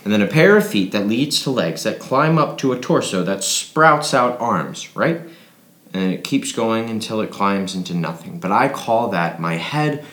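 A man's voice: fairly low pitch, expressive, moderate pace, reverberant. A man playing a drunk, needling philosopher. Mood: musing. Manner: rambling, probing questions, bursts into mock yelling. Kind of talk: audio drama acting.

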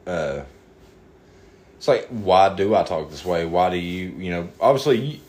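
Deep-voiced Southern man. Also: moderate pace, darkish tone. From the American South. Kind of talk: casual chat.

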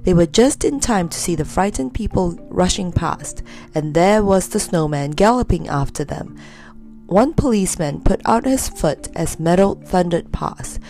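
A woman reading a children's story aloud in a lively, expressive way. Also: fairly low pitch, normal speed, soft background music.

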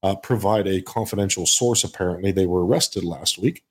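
A man's voice: deep voice, a little fast, breathy edge. A man co-hosting a podcast, chatting casually and dryly correcting his partner. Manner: dry, teasing corrections. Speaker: podcast co-host. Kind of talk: casual chat.

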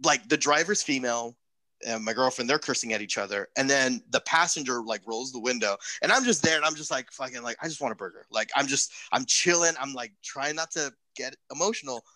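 A young man casually telling a profane, animated story on a podcast. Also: mid-range voice, brisk, no room sound.

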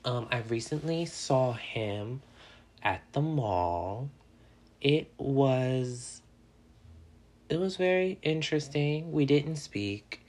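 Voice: mid-range voice, expressive, takes it slowly, long pauses, a little mellow. A person in their twenties hosting a casual solo podcast, rambling and candid, dropping "like" into almost every phrase and joking with the listeners. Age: 20s. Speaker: podcast host.

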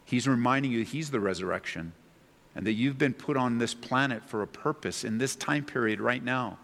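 A man's voice: mid-range voice, brisk, vocal fry, fairly bright tone, in a large hall. A man preaching a sermon as a pastor, earnest and pleading, building to impassioned peaks.

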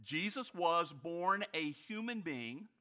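A male pastor delivering a sermon with a bright, forward tone and a voice pitched a little high for a man. He leans on rhetorical questions, slows right down on key phrases and slips in light humorous asides. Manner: animated, rhetorical questions, emphatic slowed phrases.

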